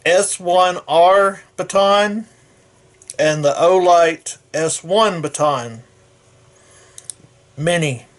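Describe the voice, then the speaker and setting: Slow-talking man reviewing gear. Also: a little high. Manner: rambling, self-correcting, folksy. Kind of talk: casual product review.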